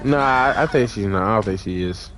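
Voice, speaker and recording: A young man tells a long, rambling story in casual conversation, speaking briskly with plenty of fillers and acting out the people in it using high voices. A crowd can be heard behind him.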